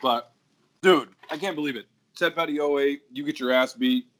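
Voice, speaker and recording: A man's voice: on the high side, moderate pace, fairly bright tone. A middle-aged man and professional wrestler telling rambling, profanity-laced road stories in casual podcast chat.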